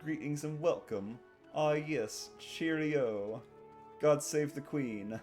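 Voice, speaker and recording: A man's voice: a little high, takes it slowly, a little mellow, soft background music. A male streamer putting on a hammy British accent, bantering playfully while streaming a game. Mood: jovial. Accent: put-on British. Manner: hammy, playful, laughs often. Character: exaggerated tipsy British bloke, jolly.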